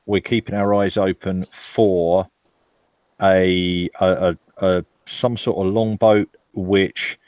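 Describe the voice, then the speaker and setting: A man playing a tabletop game, thinking aloud in a halting way. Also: sits low, little pitch movement, darkish tone, no room sound, studio quality. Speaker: player. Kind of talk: casual tabletop play.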